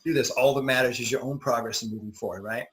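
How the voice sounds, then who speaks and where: A man's voice: mid-range voice, fairly even intonation, fast talker, fairly bright tone, poor audio. A man, a dating coach, interviewing a client in casual, encouraging talk full of fillers.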